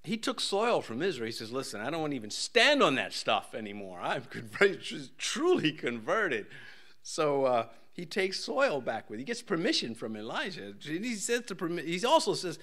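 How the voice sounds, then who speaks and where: An older man preaching a casual, joking sermon in a church, with folksy asides and voices acted out in a high pitch. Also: big pitch swings, normal speed, fairly bright tone. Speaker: pastor.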